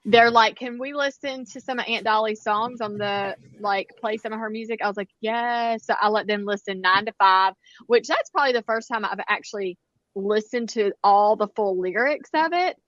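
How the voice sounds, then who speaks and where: A woman, co-hosting a casual chat and telling animated stories with lots of quoted dialogue. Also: on the high side, normal speed, dry recording, lo-fi sound. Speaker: podcast co-host.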